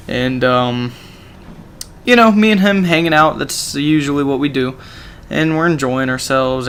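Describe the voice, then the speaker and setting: A man telling a story in a casual, rambling way, full of fillers and restarts. His voice sits on the higher side for a man. Faint background noise runs under the recording. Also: fairly bright tone. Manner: rambling, full of "you know" and "like". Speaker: gaming channel storyteller.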